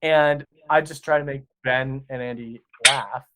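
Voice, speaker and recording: A man's voice: mid-range voice, steady tone, a little slow, bright, forceful tone. A man chatting casually in an interview, talking enthusiastically in rambling sentences full of "like". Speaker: podcast director.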